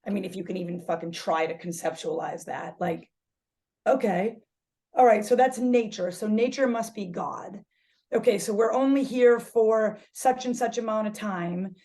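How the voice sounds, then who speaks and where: A woman yoga instructor talking candidly as a podcast guest, animated, swearing freely and restarting her sentences as she searches for words. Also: medium pitch, moderate pace. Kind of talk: casual podcast conversation.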